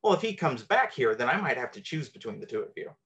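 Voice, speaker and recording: A man's voice: mid-range voice, big pitch swings, quick pace, fairly bright tone. A man voicing a casual, noncommittal teenage girlfriend in an offhand tone. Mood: blasé.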